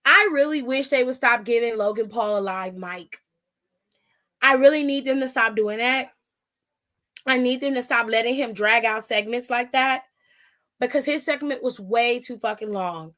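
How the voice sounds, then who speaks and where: A woman's voice: fairly high pitch, moderate pace, a bit bright. A young woman hosting a podcast, giving a blunt, profane recap and acting out other people's lines. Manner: blunt, profane, with acted-out quotes. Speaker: podcast host. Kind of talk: casual wrestling recap.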